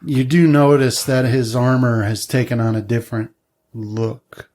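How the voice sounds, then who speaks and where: Relaxed male game master narrating. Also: mid-range voice, unhurried. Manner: descriptive, relaxed with fillers.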